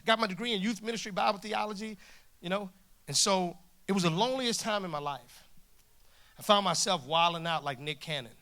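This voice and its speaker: A man in his forties preaching a humorous sermon in a church, lively and jokey, acting out the dialogue in his stories. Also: fairly high pitch. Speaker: guest preacher. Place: church stage before a congregation.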